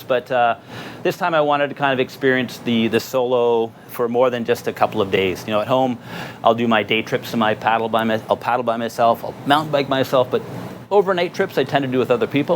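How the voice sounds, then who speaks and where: A man giving a relaxed, conversational presentation at a marina event, telling expedition stories with lots of fillers. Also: medium pitch, a little hiss or hum. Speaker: guest speaker on an expedition. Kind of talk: storytelling presentation.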